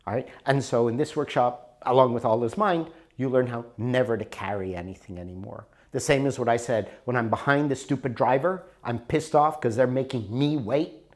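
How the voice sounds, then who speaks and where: A man's voice: medium pitch, moderate pace, darkish tone. A man teaching a self-help workshop in an emphatic, conversational way. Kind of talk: recorded workshop talk.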